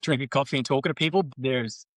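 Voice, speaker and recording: Fast-talking guy, sweary and candid. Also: medium pitch, no echo, rough recording. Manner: candid, sweary, quotes others in banter. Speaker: podcast guest. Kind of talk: casual storytelling interview.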